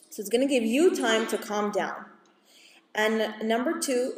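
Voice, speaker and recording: Woman giving a calm parenting talk, kinda high voice, far from the mic in an echoey hall. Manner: calm, explanatory, acts out quotes from kids and parents. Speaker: school psychologist.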